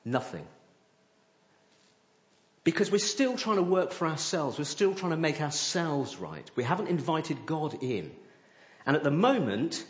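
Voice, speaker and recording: A man preaching a sermon with an object lesson, animated, often checking in with tag questions. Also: a little high, roomy sound, dull audio.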